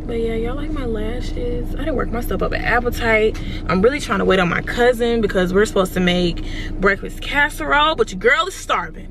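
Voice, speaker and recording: A woman vlogging to camera in a chatty, expressive way, calling her viewers y'all as she films with a handheld phone in stores and her car. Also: on the high side, a little fast. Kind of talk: casual vlog talk to camera. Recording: noisy background.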